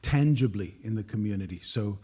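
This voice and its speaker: A man talks as a panel guest in an easy conversational way. His voice is husky and dark, with a mellow, unhurried delivery. He pauses now and then to clear his throat. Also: lowish voice. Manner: measured, clears throat often. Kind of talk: casual panel discussion.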